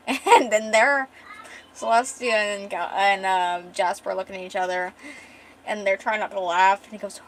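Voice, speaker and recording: A woman's voice: medium pitch, fairly even intonation, a little slow, a little hiss or hum, rough recording. A woman casually retelling a story on a cozy stream, chatty, laughing often and swearing now and then.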